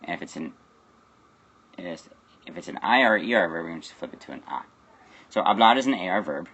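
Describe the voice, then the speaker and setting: A man's voice: low voice, expressive, quick pace, sharp tone, husky, muffled recording. A man teaching a recorded Spanish grammar lesson, explaining step by step and checking in with "okay?" and "right?". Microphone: webcam or phone recording.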